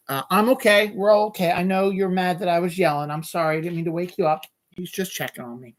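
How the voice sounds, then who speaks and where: A man's voice: high-pitched, steady tone, fast. A man in his forties hosting a casual solo podcast from home, cursing freely, at times ranting and at times chatting easily. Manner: profane ranting, then easygoing chatter. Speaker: podcast host. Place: home room.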